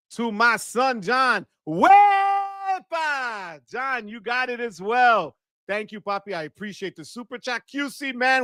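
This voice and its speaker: A man hosting a live stream gives super chat shout-outs, thanking viewers with loud, enthusiastic bursts and shouting "wepa" often. His voice is high and bright, recorded dry and close with no room sound or echo.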